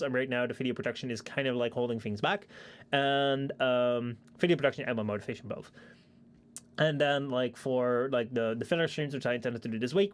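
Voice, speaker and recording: A young man chatting casually on his stream, rambling with lots of fillers and casual swearing, into a shotgun mic at his home desk. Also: mid-range voice. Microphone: shotgun microphone at a streaming desk.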